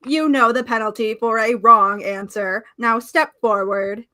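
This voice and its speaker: A woman's voice: a little high, fairly even intonation, measured pace, sharp tone. A woman voicing a harsh, thundering robot teacher as she reads aloud from a book. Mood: stern.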